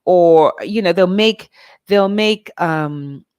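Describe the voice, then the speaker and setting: Slow and a little mellow, her lowish voice has a clean tone as this middle-aged Nigerian vlog host shares frank personal reflections directly with listeners. It's a dry, clean studio recording.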